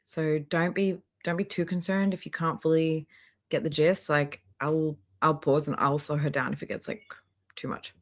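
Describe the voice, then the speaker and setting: Woman, reaction commentary, catty asides, fairly low voice for a woman. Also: little pitch movement, normal speed. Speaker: reaction streamer.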